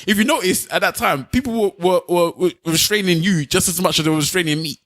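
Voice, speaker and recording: Dude on a podcast, defensive, quick, stumbles and restarts a lot. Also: male voice, sits high, a bit bright. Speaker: podcast co-host. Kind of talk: heated personal argument.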